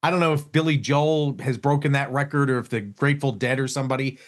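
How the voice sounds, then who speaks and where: A man hosting a radio talk show, chatting casually in an animated, exasperated way, with frequent restarts. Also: mid-range voice, fast talker. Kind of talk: casual on-air banter. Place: radio studio.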